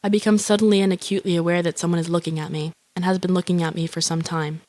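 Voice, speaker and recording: An actress voicing the deadpan, profane inner monologue of a lonely, grandiose young woman who wishes to be eaten by a shark. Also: on the low side, fast talker, no room sound, close to an everyday voice. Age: young adult. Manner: flat, profane, self-absorbed musing.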